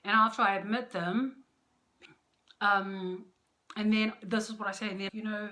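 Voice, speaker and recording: A woman's voice: mid-range voice, steady tone, a little slow, sharp tone. Playful, candid young woman vlogging. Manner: candid, playful and self-mocking. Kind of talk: casual advice chat to camera.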